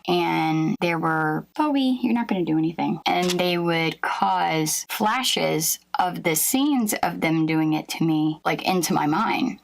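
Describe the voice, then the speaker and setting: A woman recounting a near-death experience as personal testimony, in a halting and emotional way with many pauses and fillers. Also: on the low side, vocal fry, low-quality recording.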